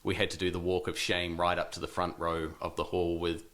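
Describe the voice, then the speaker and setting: In a casual interview, this guest from New Zealand, a man in his 30s, speaks hesitantly in a low voice with a New Zealand accent. He's relaxed, restarts often, uses lots of ums and fillers, and is quick to laugh.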